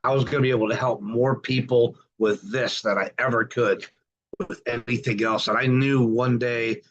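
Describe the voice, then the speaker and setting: A middle-aged man with a steady, mid-range voice at normal speed hosts a podcast on a group video call. Upbeat and folksy, he keeps welcoming newcomers again and again, heard through a computer mic with dull lo-fi call audio.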